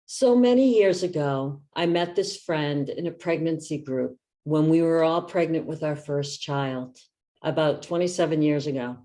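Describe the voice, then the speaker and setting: A woman in her fifties, a meditation teacher, giving a reflective talk in a gentle, soft-spoken way. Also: low voice, a little slow.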